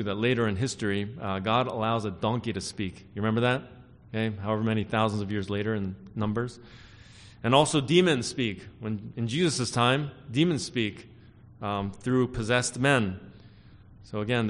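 A man preaching a sermon as pastor, explaining scripture with frequent "right?" and "okay?" check-ins and rising emphasis on key phrases. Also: big-room sound. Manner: rises in pitch and volume to stress key phrases.

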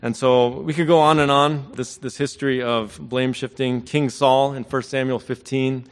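A man's voice: medium pitch, level tone, normal speed, smooth. A man leading a church service as pastor, praying and then preaching in a conversational, self-deprecating way. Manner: conversational, self-deprecating, acts out quoted voices. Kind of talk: sermon. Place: church sanctuary. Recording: hall reverb.

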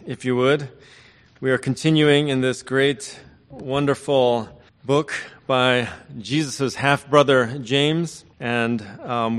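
A man's voice: mid-range voice, a bit bright. A man leading a church service as pastor, praying and then preaching in a conversational, self-deprecating way. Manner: conversational, self-deprecating, acts out quoted voices. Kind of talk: sermon. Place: church sanctuary. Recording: hall reverb.

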